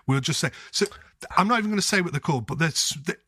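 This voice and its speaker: A man's voice: fairly high pitch, lively intonation, very fast, pushed and bright, husky, no echo. Sweary ranting man, dry sound. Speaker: podcast co-host. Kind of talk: casual chat.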